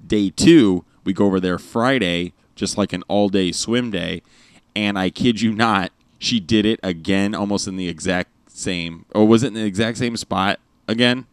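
A man's voice: lowish voice, normal speed, clear, resonant tone, dry recording. A man, a father and podcast host, telling casual family stories in a rambling way, full of fillers and restarts, recorded close on a microphone. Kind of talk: casual storytelling chat. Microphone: studio microphone with headphones.

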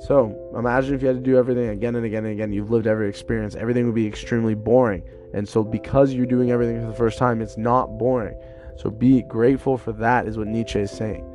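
A man's voice: mid-range voice, fairly even intonation, fast talker, mellow, soft background music. A man in his twenties, congested from a cold, rambling loosely through a casual solo podcast. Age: 20s. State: stuffed up with a cold. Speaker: podcast host.

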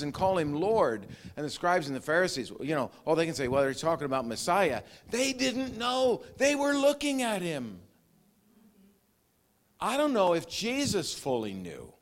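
Animated preaching man, lively pitch. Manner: animated preaching, acts out quotes, growls and laughs. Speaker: pastor. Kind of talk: sermon.

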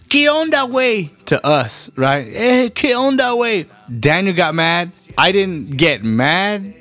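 A young man from ranting bluntly and profanely in casual chat, telling stories with lots of energy. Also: on the high side. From Rio Grande Valley, Texas. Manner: blunt, profane, animated storytelling. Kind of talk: casual rant to camera.

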